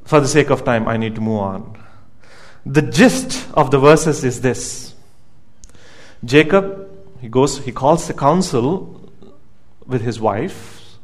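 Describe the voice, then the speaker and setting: A man's voice: medium pitch, takes it slowly, long pauses. A man preaching a sermon as pastor, emphatic, repeating words as he builds each point and asking the congregation questions.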